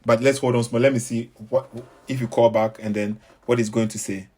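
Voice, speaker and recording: A man's voice: mid-range voice, steady tone, a little fast, warm tone. A man with a Ghanaian English accent, talking casually to his audience while waiting for a call, repeating his points emphatically. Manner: preachy, repeats himself, emphatic. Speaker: online debate host. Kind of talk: casual commentary between calls.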